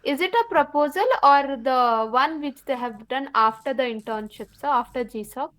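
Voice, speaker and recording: A woman's voice: high voice, moderate pace, fairly bright tone, rough recording. A woman asking a question on a video call in an online meeting, politely calling the host sir. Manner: polite, says "sir" often.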